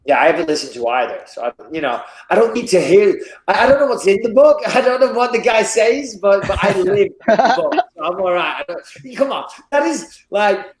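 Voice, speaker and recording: Northern english guy telling stories, swears a lot, bit high voice, roomy echo. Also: a little fast, few pauses, crowd noise. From England. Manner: animated storyteller, swears freely. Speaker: guest. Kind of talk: casual chat.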